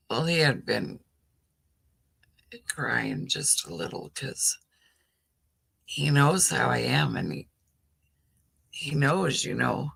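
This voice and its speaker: A woman's voice: very deep voice, creaky, fairly bright tone, breathy edge. A middle-aged woman hosting a casual livestream chat, rambling with lots of "you know" as she answers viewer comments. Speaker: livestream host.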